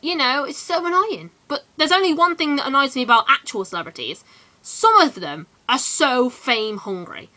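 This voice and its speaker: A teenage woman from England ranting in a casual vlog, animated and full of quick asides. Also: high-pitched. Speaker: vlogger.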